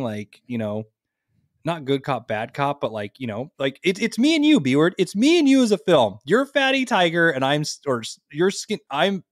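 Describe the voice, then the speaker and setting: A man in his thirties co-hosting a podcast, telling stories in a crude, joking, animated way. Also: mid-range voice, no echo, studio quality. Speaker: podcast co-host. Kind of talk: casual podcast chat.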